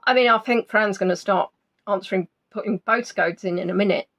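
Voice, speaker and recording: Fairly fast, with a fairly bright tone, this woman is hosting a live online quiz. She's teasing and talkative with the players, reading out their names and answers in big pitch swings.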